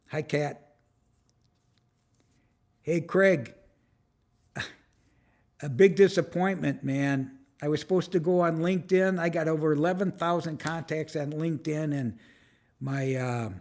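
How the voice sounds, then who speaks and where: A man in his seventies runs a casual live stream from a phone or camera on a tripod, rambling, frustrated and swearing while greeting chat viewers by name. His voice is on the high side and a little mellow.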